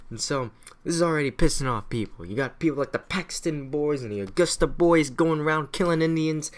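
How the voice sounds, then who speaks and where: A man's voice: on the high side, animated, a little fast. A man giving a casual, irreverent history recap, swearing freely and rambling off on tangents. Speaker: history explainer.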